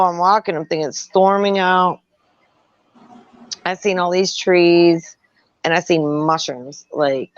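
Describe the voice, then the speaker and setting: A middle-aged woman with a fairly low voice tells an animated, profane story in casual chat, laughing as she goes. The recording is dry and close, with a slightly dull, lo-fi sound. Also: no echo.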